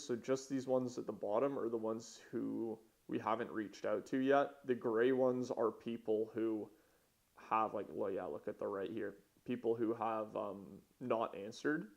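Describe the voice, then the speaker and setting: A man's voice: medium pitch, highs cut off. A young man talking casually in a vlog about his business, rambling and swearing, with frequent restarts. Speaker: vlogger, entrepreneur.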